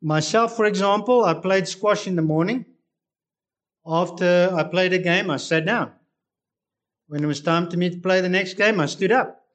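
A man preaching a sermon, reading scripture and explaining it with slow, deliberate emphasis. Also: high-pitched, a bit bright.

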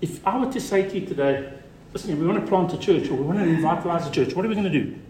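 A man preaching a sermon as pastor, emphatic, repeating key words and dropping to a quiet voice for stress. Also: on the high side, rapid-fire, roomy sound, slight background noise.

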